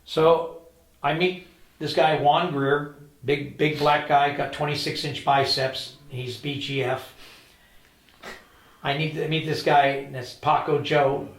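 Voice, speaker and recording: Gravelly older man telling prison stories. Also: a little high, level tone, slow. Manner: vivid anecdotal storyteller, re-enacts dialogue. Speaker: interview guest. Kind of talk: storytelling in a casual interview. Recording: roomy echo.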